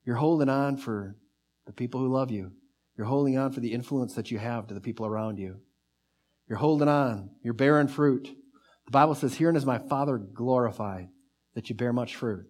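A man preaching a sermon, fervent and earnest, surging up in bursts and dropping to soft, drawn-out lines. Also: mid-range voice. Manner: fervent, pace and volume swell then drop to soft near-whisper.

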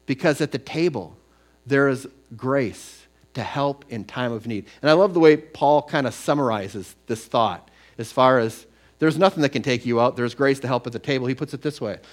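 A middle-aged man preaches in a mid-range voice, easing into relaxed, conversational storytelling. When he reads scripture, he builds to an emphatic, rising delivery. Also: medium pitch, normal speed. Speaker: pastor. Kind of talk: sermon.

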